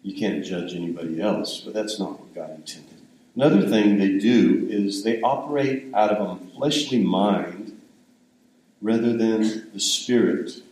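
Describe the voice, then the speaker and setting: A man's voice: lowish voice, unhurried, darkish tone, echoey room, a little hiss or hum, poor audio. An older man giving a sermon in a conversational, rambling storytelling way. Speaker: pastor.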